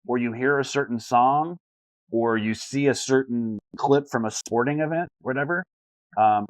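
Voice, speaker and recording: A man's voice: medium pitch, no echo, low-quality recording. A man talking as a life coach on a video call, earnest, often repeating words as he searches for the phrasing. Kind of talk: casual coaching talk over a call.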